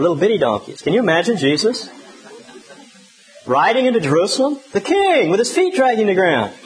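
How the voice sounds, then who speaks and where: A male pastor preaching a sermon in a conversational, humorous way with lively emphasis. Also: on the high side, poor audio.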